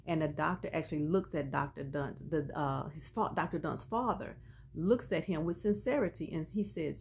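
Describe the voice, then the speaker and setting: A chatty woman tells a TV episode's story in a lively, casual way, dropping in colloquial asides. Her voice sits a little low. A faint background noise hangs under it. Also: a little fast. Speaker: TV episode recapper.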